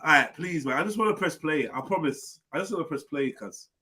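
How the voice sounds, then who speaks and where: A man's voice: on the high side, lively intonation, fairly quick, pushed and bright, slightly rough. A man hosting a live online panel, bantering in slang and steering the talk. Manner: joking, slangy, keeps steering the chat. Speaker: host of a live panel stream. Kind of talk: casual group banter.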